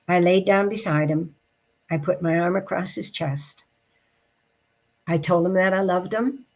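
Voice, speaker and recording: Woman with a lowish voice, telling a heartfelt story. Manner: heartfelt, reflective, slows down for emotional moments. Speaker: interview guest. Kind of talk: personal storytelling in an interview.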